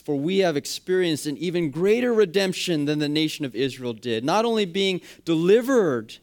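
A man preaching a sermon, with emphatic rising phrases that drop quietly at the ends of points. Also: mid-range voice. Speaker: pastor.

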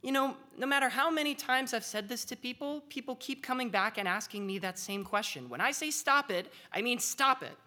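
A woman voicing an older male comedian who plays a blunt psychologist, speaking deliberately in a bright voice. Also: fairly low pitch, animated. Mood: exasperated.

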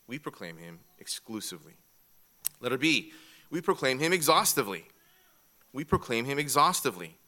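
A man's voice: mid-range voice, big pitch swings, normal speed, pauses often, sharp tone. A man teaching a church class from an outline, methodical and repeating each key point. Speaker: Bible teacher.

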